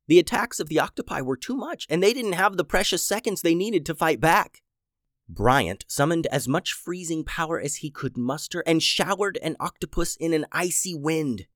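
Male storyteller for kids, very lively pitch, dry close sound. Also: normal speed, no echo. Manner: animated, dramatic storytelling. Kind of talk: scripted children's story narration.

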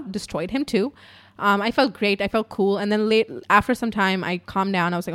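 A woman's voice: medium pitch, a little fast. Chatty, foul-mouthed woman telling a story. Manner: chatty and profane, with lots of fillers; animated, swinging between loud and hushed. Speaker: podcast host. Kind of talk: casual podcast storytelling.

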